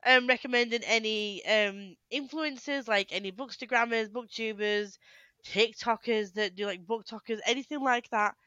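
A woman's voice: a little high, pushed and bright, no echo, muffled recording. A young woman, co-hosting a casual podcast chat on a headset mic, laughing often and restarting her sentences. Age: young adult. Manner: giggly, talks in quick bursts with restarts. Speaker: podcast co-host.

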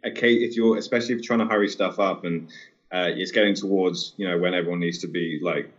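A man speaking on a podcast in a measured, reflective way and hedging his points. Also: sits low, steady tone. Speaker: film co-producer and podcast guest. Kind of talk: casual podcast chat. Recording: dull lo-fi sound.

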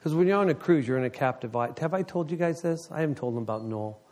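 A man's voice: a little high, lively intonation, quick pace, a little mellow. A man telling a long, rambling story to a group in a casual, joking way, slipping into voices for the people in it.

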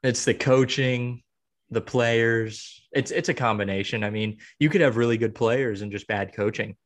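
This young podcast co-host has a medium-pitched voice and speaks at a normal speed. In casual conversation he vents his frustration, rambling and frequently restarting what he's saying.

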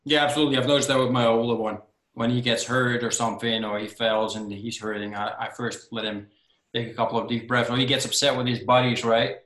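A man's voice: mid-range voice, level tone, fast talker, a bit bright. Podcast host man in an echoey room. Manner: conversational, frequent brief backchannels. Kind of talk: interview conversation.

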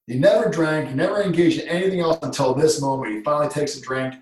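Male storyteller, former school dean, lively and dramatic, heard in a roomy space from a distant mic. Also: on the high side, fast. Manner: animated storyteller, swings from hushed to shouting. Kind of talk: casual storytelling in conversation. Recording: echoey room, distant mic.

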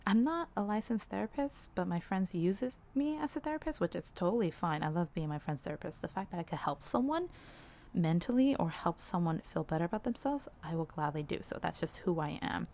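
Candid young woman with a low voice. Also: lively intonation, brisk. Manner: candid, rambling, frequent likes and soft laughs. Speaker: vlogger. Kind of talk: personal confessional vlog.

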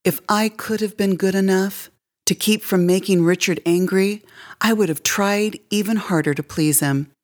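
A woman reading her own short story aloud in a measured, expressive way. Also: medium pitch. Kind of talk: audiobook-style story reading.

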